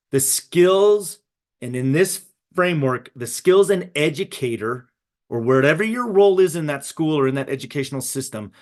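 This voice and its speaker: A middle-aged man with a slightly high voice presents a live webinar to educators over a video call, speaking conversationally and often checking in with "right?".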